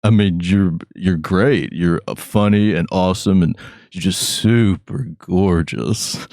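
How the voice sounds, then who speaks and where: A man with a very low voice chats on his podcast in a loose, goofy way, laughing through rambling stories. He sounds high and relaxed. The sound is close and dry, with no room around it. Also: takes it slowly, no room sound. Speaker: podcast host. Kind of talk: casual chat.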